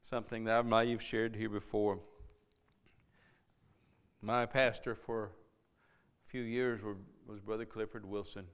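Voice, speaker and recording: A man preaching a sermon, swinging between fervent pleading and soft, hushed asides. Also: fairly low pitch, steady tone, unhurried, pauses often, clear, resonant tone.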